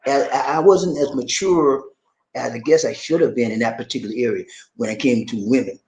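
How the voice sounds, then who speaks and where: A man's voice: mid-range voice, a little fast, a little mellow, slight background noise. A man from the USA chatting casually as a vlog host, laughing a lot and drawling out "man" as he talks. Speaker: vlogger host reading viewer comments. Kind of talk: casual chat. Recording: echoey room.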